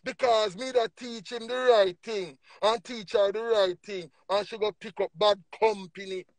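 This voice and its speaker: A man with a Jamaican accent preaching emphatically on a livestream, swinging between low murmurs and loud bursts. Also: fairly even intonation, normal speed, no room sound. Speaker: livestream speaker.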